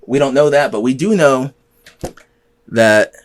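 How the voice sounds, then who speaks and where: A man's voice: medium pitch, measured pace. A man hosting a podcast, telling stories in a loose, rambling way full of slang and swearing. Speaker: podcast host. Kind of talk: casual chat.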